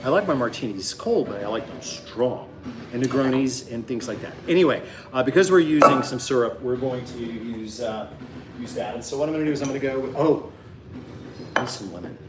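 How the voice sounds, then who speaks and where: A man's voice: mid-range voice, animated, a little fast, noisy background. A man hosting a casual home cocktail show from his kitchen, joking and rambling with lots of fillers. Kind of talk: casual cooking chat.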